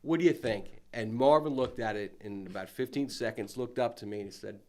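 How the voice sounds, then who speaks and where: A man who works in TV talking casually on a podcast, relaxed and chatty. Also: medium pitch, a little fast. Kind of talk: casual chat.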